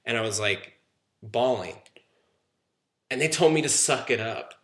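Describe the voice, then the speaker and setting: A man's voice: medium pitch, lively intonation, a little slow, a bit bright. A young man in casual chat with friends, telling a story animatedly and swearing freely. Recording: roomy sound with faint noise.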